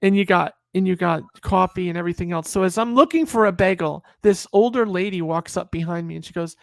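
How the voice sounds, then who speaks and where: A woman in her fifties from upstate New York, a guest telling an animated, salty anecdote and acting out other people's lines. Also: fairly low pitch, fast, creaky, hardly any pauses, dry recording. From Sullivan County, New York, USA. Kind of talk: anecdotal storytelling in a video chat.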